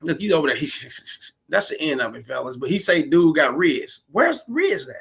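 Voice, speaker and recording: A man's voice: fairly high pitch, very animated, moderate pace, creaky, fairly bright tone, husky. A man reacting to a clip in casual commentary, blunt and crude, handing out streetwise advice to the fellas.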